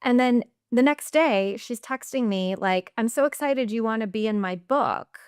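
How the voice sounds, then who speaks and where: A woman's voice: on the high side, normal speed, clear, resonant tone, no room sound, clean studio sound. A woman executive coach on a podcast, chatting casually and often acting out her own inner voice with a tagged "right?". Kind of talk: casual interview chat.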